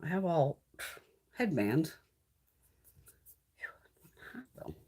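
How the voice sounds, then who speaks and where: A woman's voice: low-pitched, very animated, slow, dark tone, husky. Blunt, swearing woman chatting casually. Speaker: beauty vlogger. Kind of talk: casual live-stream chat.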